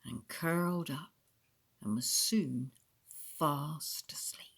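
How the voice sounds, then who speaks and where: A woman reading a children's story aloud in an expressive storytelling manner. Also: low-pitched, slow, creaky, slightly rough.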